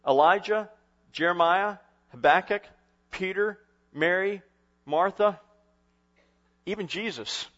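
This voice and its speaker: A man's voice: on the high side, fairly bright tone, dull audio. A male pastor preaching a sermon in a conversational way, with frequent restarts, swelling and dropping in intensity. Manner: conversational, rising and falling in intensity with short restarts.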